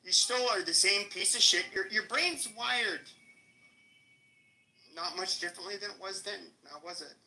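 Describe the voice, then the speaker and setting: High, sharp-voiced man ranting aggressively. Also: normal speed, poor audio. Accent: American. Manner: aggressive, taunting, profane. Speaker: podcast host. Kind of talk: heated live-stream rant.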